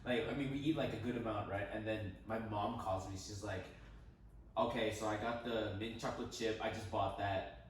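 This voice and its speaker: A young man in casual podcast chat, telling stories in an animated way, swearing and laughing. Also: on the low side, moderate pace, very echoey, far from the mic, a little hiss or hum, low-quality recording. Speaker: podcast co-host.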